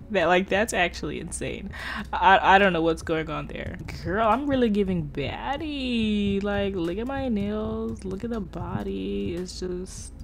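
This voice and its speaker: Young woman streamer, chatty and excitable, mid-pitched, home mic with faint hiss. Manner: bubbly, exclaiming, says "like" constantly. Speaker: gaming YouTuber. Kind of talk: casual gameplay commentary.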